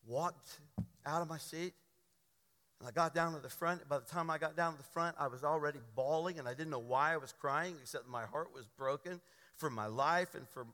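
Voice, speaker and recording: A man's voice: fairly high pitch, bright, forceful tone. A man, a pastor, preaching a sermon and telling his own testimony in an earnest, emphatic storytelling manner. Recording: long hall reverb.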